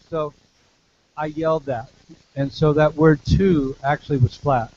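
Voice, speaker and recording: A man's voice: fairly high pitch, steady tone, measured pace, a little mellow, dull audio. A man working as a vocal coach, explaining technique and demonstrating with short sung lines, repeating words as he goes. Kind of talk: teaching demonstration.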